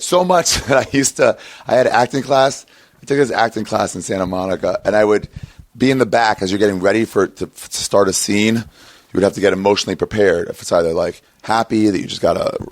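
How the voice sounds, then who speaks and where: A man in his thirties hosting a podcast, rambling and swearing as he tells an animated story in casual chat. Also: lowish voice, dry recording. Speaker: podcast host. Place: outdoor patio by a street.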